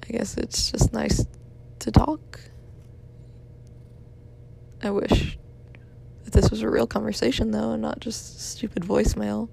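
A woman's voice: a little high, little pitch movement, unhurried, gravelly, long pauses, dark tone, slight background noise. A young woman in her twenties leaving a rambling, apologetic voicemail, tired and yawning as she talks.

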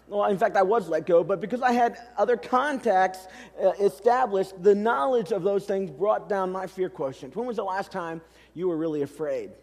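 A middle-aged male pastor with a fairly high voice tells a story from the pulpit, animated and self-deprecating, talking straight to the congregation. His voice rings out through a large church auditorium with a long reverb trailing after each phrase. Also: normal speed. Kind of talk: storytelling sermon.

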